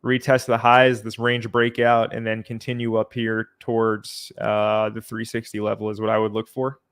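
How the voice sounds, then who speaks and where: A man hosting a livestream, reading out viewer comments and answering them in a relaxed, chatty way. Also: on the low side, normal speed, clear, resonant tone. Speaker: livestream host.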